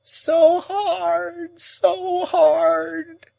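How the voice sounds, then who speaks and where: A man reading an audiobook, voicing a grief-stricken, possessive old woman in a high, wailing, drawn-out voice. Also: big pitch swings, no echo, heavily acted, low-quality recording. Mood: moaning.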